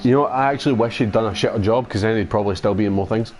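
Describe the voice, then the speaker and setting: A man's voice: on the low side, racing, darkish tone, slight background noise. A man with a Scottish accent hosting a gaming channel, chatting casually and rambling in sweary banter while he plays a racing game.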